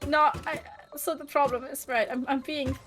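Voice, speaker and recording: A woman's voice: high voice, steady tone, moderate pace, over music. A woman in her twenties chatting casually on a stream, blunt and ranting, swearing freely. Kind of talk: casual chat.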